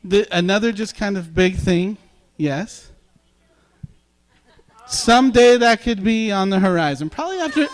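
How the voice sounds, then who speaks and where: A man's voice: sits high, lively intonation, a little slow, long pauses. Chatty man giving a casual sermon. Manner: chatty, self-deprecating, jokes with the congregation. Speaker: pastor.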